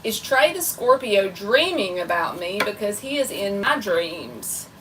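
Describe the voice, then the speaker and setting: A woman's voice: mid-range voice, sing-song, a little slow, far from the mic. Woman, tarot reader, playful, chatty, a little off-mic, faint background hiss. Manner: chatty and playful, self-described goofy. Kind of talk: live tarot reading.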